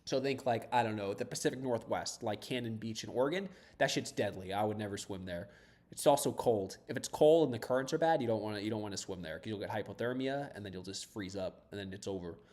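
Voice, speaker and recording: A man's voice: fairly low pitch, fast, a little mellow. Chatty man rambling while he codes. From US, south of Boston. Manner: rambling and chatty, laughs often, swears casually. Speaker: startup founder coding on a livestream. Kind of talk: casual live-stream chat while coding.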